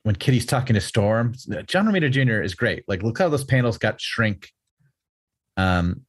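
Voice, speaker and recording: A man co-hosting a casual comics podcast, talking in a middle-pitched voice. He rambles and often laughs, with lots of ums and uhs along the way. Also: animated, moderate pace. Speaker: podcast co-host.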